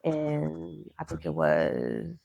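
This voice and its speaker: As a podcast guest, a woman who founded a clothing brand reflects earnestly on grief, faith and healing, candidly sharing her personal story of loss. She speaks extremely slowly in a very deep, gravelly, warm voice with huge pitch swings, and there's no echo.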